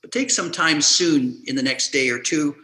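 A man preaching a sermon, reading scripture aloud in a measured, deliberate way with dramatic swings between loud and hushed. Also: on the high side, reverberant, low-quality recording. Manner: slow, measured delivery with dramatic shifts in loudness.

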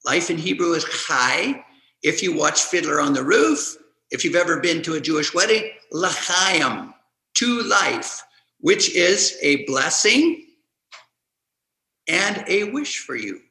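A male preacher delivers a sermon at a very slow, deliberate pace. His voice is bright and sits a little high, and it swells and drops in loudness as he reads scripture. The sound rings in a roomy, echoey space. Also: sing-song, creaky. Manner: slow, measured delivery with dramatic shifts in loudness. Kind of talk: sermon reading scripture aloud.

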